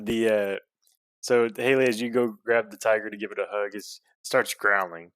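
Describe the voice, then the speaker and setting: A man's voice: lowish voice, fairly even intonation, normal speed, a bit bright, no room sound. A man narrating as game master of a tabletop game, hesitant with many fillers.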